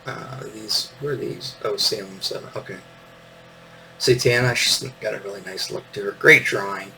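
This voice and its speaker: A man's voice: lowish voice, normal speed, creaky, bright, forceful tone, recorded from a distance, slight background noise, low-quality recording. A man in his fifties hosting a casual show-and-tell, meandering with lots of fillers and little chuckles. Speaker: podcast host.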